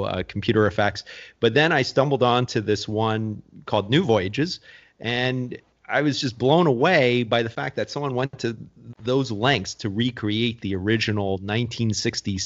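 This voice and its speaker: A man, an actor and co-author, recounting his story steadily as an interview guest. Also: on the low side. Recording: dull lo-fi recording.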